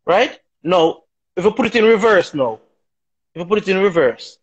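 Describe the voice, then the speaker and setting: A man speaks as a talk show guest, his voice pitched high with a husky edge. He argues his views emphatically, piling up rhetorical questions. The delivery is opinionated and forceful. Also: expressive, moderate pace, lo-fi sound. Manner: emphatic, rhetorical, keeps asking "right?".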